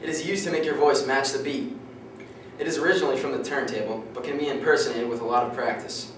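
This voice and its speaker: Young guy giving a class speech, clears his throat sometimes, far off mic, faint room noise. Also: mid-range voice, fairly even intonation, fast, heavy reverb. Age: young adult. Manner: reads steadily with occasional throat-clearing. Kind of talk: prepared class presentation.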